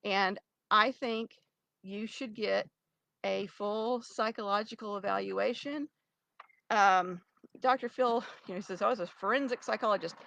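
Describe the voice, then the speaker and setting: Over poor audio, a middle-aged woman with a gravelly, slightly bright, medium-pitched voice speaks at a measured pace. Close to tears, she vlogs directly to her ex, rambling and pleading with frequent restarts and fillers.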